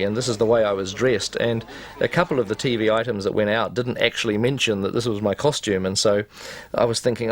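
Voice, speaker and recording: A film director recalls the shoot in a wry, self-deprecating way. His voice sits fairly low, relaxed and conversational. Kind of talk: making-of interview recollection.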